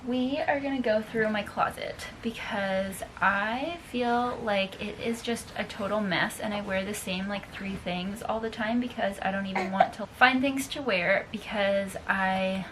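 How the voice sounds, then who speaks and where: A woman's voice: medium pitch, measured pace, few pauses, a bit bright, poor audio. Young woman chatting on her home vlog, says "like" a lot, camera mic, noticeable background noise. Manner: chatty, lots of "like" fillers. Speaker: vlogger. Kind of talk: casual vlog chat.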